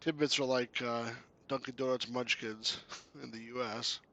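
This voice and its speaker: Chatty bright-voiced man playing a game. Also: mid-range voice, fairly even intonation, unhurried. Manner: chatty, laughs often, reads game text aloud. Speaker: game reviewer. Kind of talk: casual gameplay commentary.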